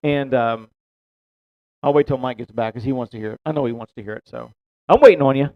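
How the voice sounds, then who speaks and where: A man's voice: medium pitch, a little fast, no room sound. A man telling a long fishing story in a casual, rambling way, laughing and swearing as he goes. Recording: dull, dry close-mic sound.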